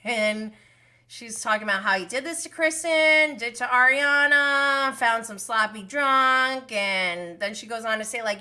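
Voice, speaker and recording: A woman's voice: fairly high pitch, measured pace, pushed and bright. A woman hosting a casual livestream recap, chatty and gossipy, swearing and laughing a lot as she talks. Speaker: show recap host.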